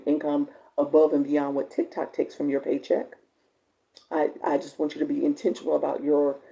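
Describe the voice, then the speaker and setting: Raspy low woman coaching live. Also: poor audio. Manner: chatty, warm-toned, laughs often, answers viewers by name. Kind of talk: casual livestream chat reading viewer comments.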